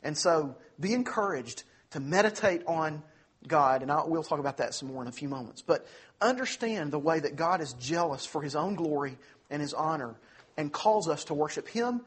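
A man preaching a sermon as pastor, earnest, slowing down on key phrases and speeding through asides. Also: a little high, animated, breathy edge. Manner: earnest preaching, slows for emphasis, quick asides.

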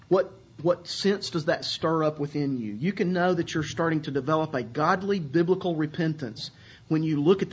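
Earnest husky-voiced male preacher. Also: fairly high pitch, highs cut off. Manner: earnest, repeats words while searching for phrasing. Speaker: pastor. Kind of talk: sermon.

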